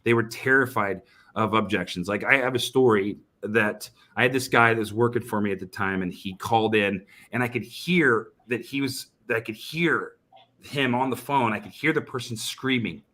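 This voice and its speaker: A man's voice: on the low side, normal speed, sharp tone. A man as a podcast guest, telling a sales story with emphasis, often repeating words and restarting sentences, heard over a video call. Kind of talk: animated storytelling in a podcast chat.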